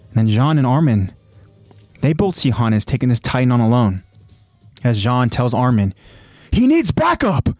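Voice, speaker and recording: A man retelling an episode in a casual, excited recap. He speaks at a middle pitch with loose fillers and keeps getting ahead of himself. The recording is dry and close. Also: no echo, soft background music. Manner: animated, quick to jump ahead, loose fillers. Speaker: co-host recapping an anime.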